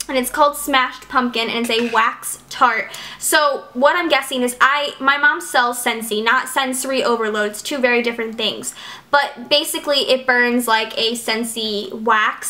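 A young woman gushes through a casual unboxing at home, piling on "like" and "oh my gosh" as she goes. Her voice sits high and sounds bright and lively, with a chatty, excitable manner. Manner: gushing, excitable, lots of "like" and "oh my gosh". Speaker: beauty vlogger.

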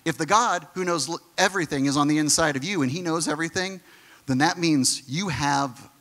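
A man's voice: mid-range voice, fairly bright tone. A male pastor giving an earnest, conversational sermon and speaking straight to his congregation. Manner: earnest, repeats words, talks straight to the congregation.

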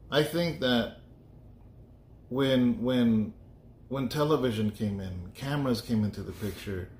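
A male pastor talks through scripture in a loose, conversational way, joking and circling back to his point. His mid-pitched voice rings around an echoey room. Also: a little mellow. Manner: chatty and joking, thinks aloud with restarts. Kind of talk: casual Bible study talk.

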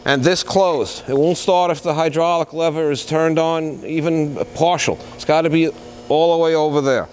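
Slightly high-voiced man demoing a machine. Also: fairly even intonation, darkish tone, a little hiss or hum. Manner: plain-spoken, halting, pauses with many fillers. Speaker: used machinery dealer. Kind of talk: unscripted product demonstration. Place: indoor machinery shop floor.

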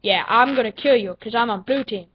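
Excitable high-voiced girl, lo-fi. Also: fairly quick. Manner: excitable, playful, silly sound effects. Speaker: gaming channel host. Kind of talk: casual gameplay commentary. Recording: dull lo-fi recording with faint noise.

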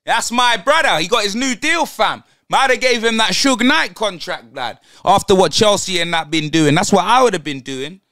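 An excitable young man reacting live to a football match, peppering every line with street slang. His voice sits high and swings widely in pitch. The tone is bright and dry. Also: moderate pace, few pauses, no echo. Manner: excitable, slang-heavy banter. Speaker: football fan channel host.

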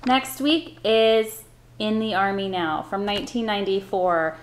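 A woman's voice: medium pitch, measured pace. A woman co-hosting a casual film podcast. She talks earnestly and with emphasis, and she often restarts her sentences. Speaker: podcast co-host. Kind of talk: casual chat. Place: home recording. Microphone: old desktop microphone.

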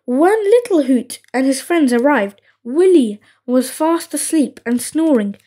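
Slow, expressive woman storyteller. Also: high-pitched. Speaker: narrator. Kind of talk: children's storybook narration.

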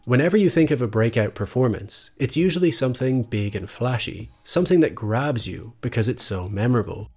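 A man narrating a scripted video essay in a measured, analytical way. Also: mid-range voice, expressive, a little mellow, breathy edge. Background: faint background music.

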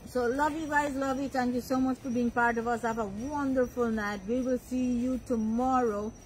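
A woman's voice: fairly high pitch, fairly even intonation, normal speed, a little hiss or hum, poor audio. A woman with a Guyanese accent hosting a casual backyard food vlog, chatty and affectionate, often laughing and talking while she eats. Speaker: vlog host. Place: backyard outdoors at night.

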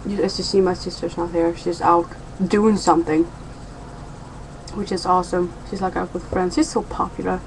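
A woman's voice: fairly low pitch, flat delivery, moderate pace, background noise. A young woman chatting in a rambling, playful way in a casual daily vlog from home. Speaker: vlogger.

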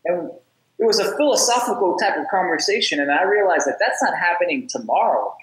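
A man with a fairly high voice tells his story on a podcast with lots of energy, acting out the other people's lines and stumbling over repeated words. The room has a noticeable echo. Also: a little fast. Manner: energetic, acts out quoted dialogue, repeats words. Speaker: podcast guest, app founder. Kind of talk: casual interview storytelling.

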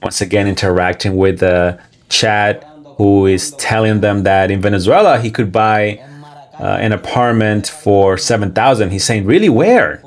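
A man casually commenting on and translating livestream clips, talking in a relaxed, conversational way with frequent pauses. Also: lowish voice.

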